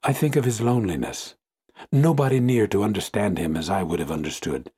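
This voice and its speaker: A man's voice: lowish voice, animated, a little fast, warm tone, breathy edge. A man reading an audiobook, voicing a devoted, anguished young woman who pleads and repeats herself in grief. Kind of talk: audiobook character voice.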